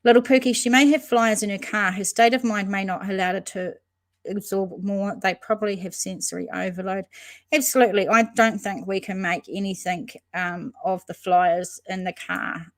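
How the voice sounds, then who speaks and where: This woman runs a laid-back true-crime stream at a normal speed, calling out chatters by name and reading their comments. Her pitch is ordinary and middling, and she works through her thoughts out loud, full of ums, hesitations and restarts.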